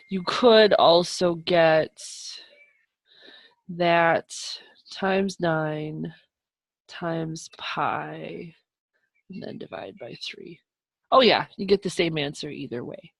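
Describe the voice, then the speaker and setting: A woman's voice: on the low side, no room sound. Upbeat woman teaching over a video call. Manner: upbeat and encouraging, chatty asides to students. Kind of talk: live online math lesson. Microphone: video call microphone.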